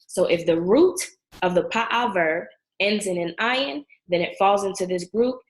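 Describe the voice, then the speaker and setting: A woman teaching a Hebrew verb lesson, going clearly and patiently through sound patterns and conjugations. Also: mid-range voice, measured pace, rough recording. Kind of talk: language lesson.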